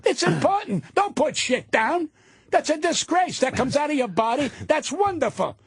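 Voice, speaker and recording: An older male comedian ranting loudly and profanely as a guest in a radio studio. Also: extremely high pitch, big pitch swings, normal speed, no room sound. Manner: loud, profane, indignant ranting.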